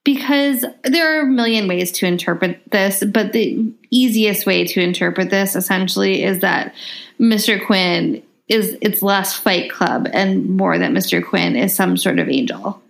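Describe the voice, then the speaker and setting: A woman's voice: mid-range voice, gravelly. Woman analyzing a story on a podcast. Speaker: podcast co-host. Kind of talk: casual book discussion.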